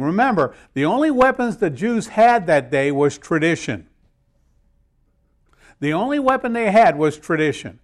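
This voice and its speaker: Lively high-voiced male preacher. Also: moderate pace. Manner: repetitive, emphatic, jokes with audience. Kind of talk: sermon.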